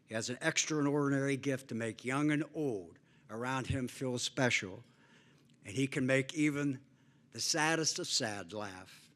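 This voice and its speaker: An older man giving a heartfelt, deliberate hall of fame acceptance speech at a banquet dinner. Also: medium pitch, a bit bright.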